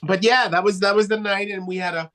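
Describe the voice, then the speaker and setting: A man's voice: high voice, a little fast. A man co-hosting a wrestling podcast, telling stories in casual, profane banter. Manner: profane, animated storyteller.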